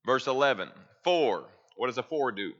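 A man's voice: medium pitch, expressive, moderate pace, a bit bright, lo-fi sound. A man teaching a Bible class, reading verses aloud and asking his listeners questions that he then answers himself.

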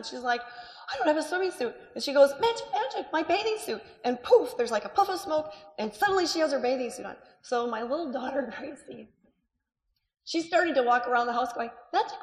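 A woman in her thirties preaching a sermon in a chatty, animated way, with asides and a strained voice. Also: on the high side. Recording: echoey hall.

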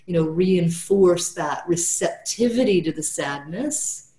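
Chatty woman therapist, lowish voice, echoey room. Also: expressive, slow, warm tone. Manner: chatty, peppered with "right?" and "you know". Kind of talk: casual podcast conversation.

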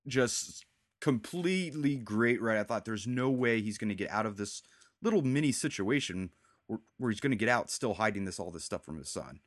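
A man with a lowish voice talks through a TV episode in a loose, rambling way, acting out characters' lines as he goes. The sound is dry and close, with no room around it. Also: expressive, normal speed, no echo. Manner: rambling, retells scenes with quoted lines. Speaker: podcast host. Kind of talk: casual TV recap chat.

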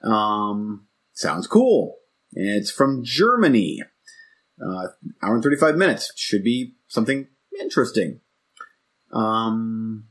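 Man, husky, casual movie chat, rambling, self-interrupting, laughs often. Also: lowish voice, very animated, slow. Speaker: podcast co-host.

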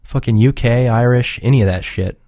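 A man's voice: mid-range voice, a little fast, mellow, no echo, studio quality. A man chatting casually on a podcast he is a regular of, rambling and swearing freely in a laid-back way.

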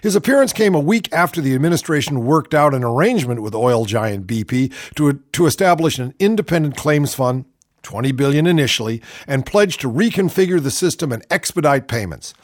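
A male talk radio host with a lively, swinging delivery who reads out news stories and then cuts in with sarcastic jabs. He sounds close and dry on the mic, with no room around him. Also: a little high, a little fast, no echo. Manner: sardonic, reads news items aloud with mocking asides. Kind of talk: political talk radio commentary.

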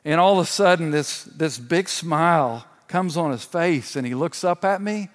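A man's voice: on the high side, expressive, normal speed. A man in his sixties, a church elder, giving a sermon as an earnest personal testimony with touches of laughter. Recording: long hall reverb.

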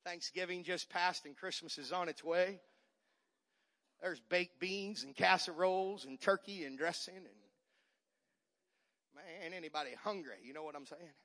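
A middle-aged man preaching a sermon as pastor, moving from quiet talk to shouted, fiery preaching. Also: sits high, normal speed, long pauses. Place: church sanctuary.

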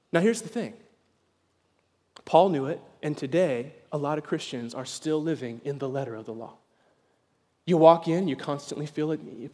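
High-voiced preaching man in a reverberant hall. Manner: animated preaching, acts out voices of people. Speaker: pastor. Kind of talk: sermon. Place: church sanctuary.

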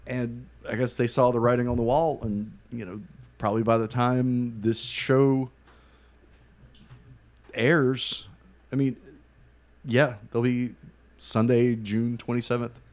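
A man's voice: medium pitch, level tone, slow, pauses often. A man co-hosting a casual beer podcast, rambling with trailing sentences and restarts. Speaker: podcast co-host. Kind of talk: casual chat.

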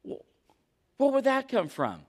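A man's voice: very high-pitched, wildly swooping pitch, a little slow, slightly rough. A young adult man preaching a sermon as a pastor, earnest and emphatic. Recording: echoey hall.

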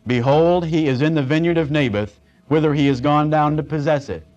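Speaking briskly in a fairly high, darkish voice, a man delivers expository Bible teaching on a dull lo-fi recording. He moves through a passage, reading scripture plainly and interjecting sarcastic, conversational asides.

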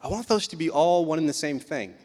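A young man preaching a casual youth sermon as a youth pastor, chatty and animated, acting out voices as he talks. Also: a little high, fairly quick. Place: church sanctuary. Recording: long reverb of a hall.

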